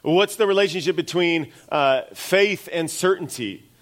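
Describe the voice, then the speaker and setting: A man's voice: fairly high pitch, measured pace, fairly bright tone. A middle-aged man preaching a sermon as pastor, in a conversational way with self-deprecating asides.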